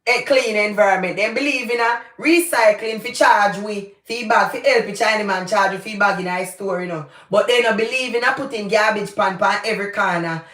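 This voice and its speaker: A woman's voice: mid-range voice, a little fast, few pauses, fairly bright tone, reverberant. A Jamaican woman hosting her channel, giving passionate, emphatic live commentary and slipping into patois. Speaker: channel host.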